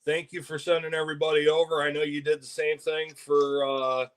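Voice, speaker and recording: A man co-hosting a casual live stream, telling a story in a rambling, halting way. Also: a little high, little pitch movement, fairly bright tone. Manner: rambling, halting, laughs often. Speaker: co-host.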